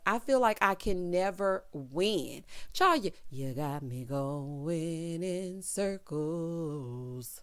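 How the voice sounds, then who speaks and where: Sassy woman recapping reality TV. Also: fairly low pitch. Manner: sassy, chatty, full of "honey" and "child" asides. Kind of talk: casual commentary recap.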